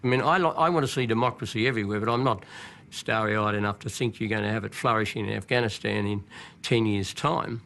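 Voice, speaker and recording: A man's voice: fairly low pitch, quick pace, creaky, fairly bright tone. A man in a documentary interview, speaking forthrightly and assertively.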